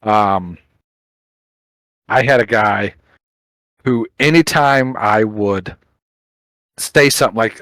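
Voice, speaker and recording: A middle-aged man co-hosting a chat show, telling an animated story, acting out quotes and swearing casually. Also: medium pitch, no echo, rough recording. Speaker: podcast co-host.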